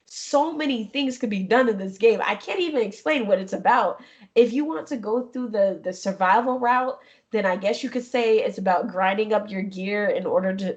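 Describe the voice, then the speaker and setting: A young adult woman, a gaming streamer, talking casually and expressively in an interview, often laughing and lively. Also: a little high. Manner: animated and expressive, jumps into quoted voices, laughs often.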